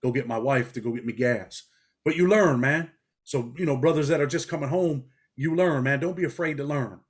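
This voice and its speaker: A man's voice: medium pitch, a little fast, slightly rough. A middle-aged man from New York, a former prisoner talking bluntly in a casual interview. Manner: blunt, street-talking, animated storytelling.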